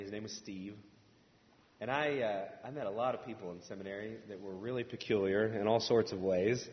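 A man from Indiana preaching a sermon to a congregation, telling a story in a conversational way and asking the room questions. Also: on the low side. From Indiana, USA. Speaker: pastor. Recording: echoey hall, dull sound.

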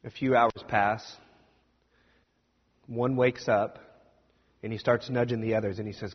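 A man preaching and telling a story dramatically, swinging between loud and hushed. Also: lowish voice, normal speed, breathy edge. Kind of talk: sermon storytelling. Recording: dull sound with long hall reverb.

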